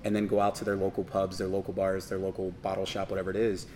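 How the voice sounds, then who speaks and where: Low-voiced man, thoughtful and halting. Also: monotone, a little mellow, slight background noise. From Baltimore. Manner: thoughtful, speaks in halting restarts. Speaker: Guinness brewery representative. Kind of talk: casual interview conversation.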